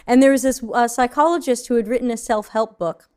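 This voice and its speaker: Fiery, blunt woman with a high voice. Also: brisk, darkish tone, smooth. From New York. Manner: blunt, fiery, swears freely. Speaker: UX consultant, co-host. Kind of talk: casual panel chat.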